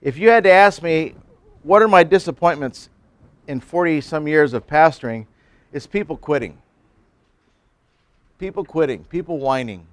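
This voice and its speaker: A man's voice: on the high side, moderate pace, pauses often, no echo. A man in his sixties, a pastor, giving a folksy sermon at a men's breakfast, telling stories with jokes and acting out quotes.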